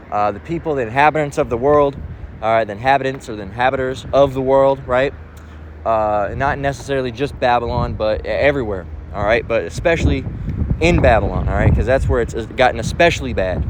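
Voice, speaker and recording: Rambling man preaching outdoors in wind. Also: mid-range voice. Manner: rambling, emphatic, profane. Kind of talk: informal spoken sermon.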